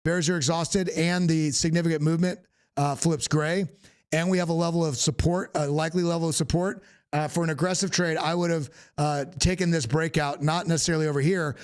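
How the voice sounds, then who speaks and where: A man's voice: fairly high pitch, fairly even intonation, a little fast, clear, resonant tone. A man from the Southern United States hosting a live stream, talking casually through market charts and often restarting his sentences. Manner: casual, thinking aloud with frequent restarts. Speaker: host. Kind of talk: live technical chart analysis.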